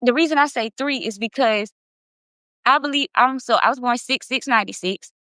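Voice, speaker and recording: A woman's voice: a little high, normal speed, pushed and bright, no room sound. A woman of about thirty hosting a casual livestream, talking in an emphatic, impassioned way and swearing freely. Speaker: livestream host.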